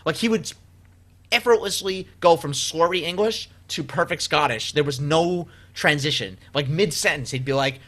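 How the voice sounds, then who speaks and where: A male podcast host who rambles through stories with animated energy and plenty of fillers. His voice is bright and sits a little high for a man. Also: moderate pace. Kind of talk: casual comedy podcast chat.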